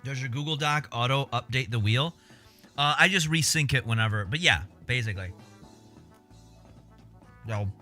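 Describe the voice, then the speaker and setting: A man's voice: medium pitch, normal speed, long pauses, sharp tone, faint music behind. A man chatting casually on a livestream, laid-back and swearing freely while he eats.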